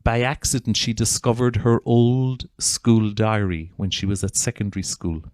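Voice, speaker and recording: A man's voice: fairly low pitch, steady tone, normal speed, a little mellow, no room sound. An Irish man, a psychotherapist, giving an earnest, heartfelt talk to an audience, with frequent restarts. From Ireland. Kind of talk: informal talk to an audience introducing a video.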